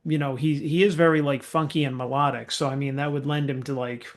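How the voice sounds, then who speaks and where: A man's voice: mid-range voice, steady tone, quick pace. A man co-hosting a casual music podcast, giving a rambling, hesitant rating of a track with many fillers. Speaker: podcast co-host. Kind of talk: casual chat, album review.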